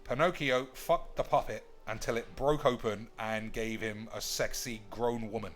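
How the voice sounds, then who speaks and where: A man's voice: mid-range voice, fairly even intonation, moderate pace, soft background music. A man streaming a card game, thinking aloud with crude, joking banter. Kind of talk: casual gameplay commentary.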